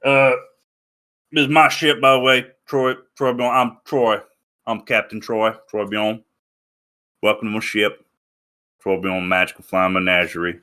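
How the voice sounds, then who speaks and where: A man's voice: on the low side, steady tone, sharp tone. A man doing a weary folksy airship captain. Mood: welcoming. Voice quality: folksy, rough-spoken drawl. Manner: swears casually, hurried and welcoming.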